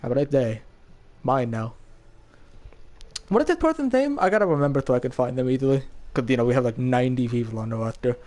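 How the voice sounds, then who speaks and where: Excitable young gamer guy, lively voice. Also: medium pitch, quick pace. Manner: excitable, chatty, laughs often. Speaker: gaming YouTuber. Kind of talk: casual gameplay commentary.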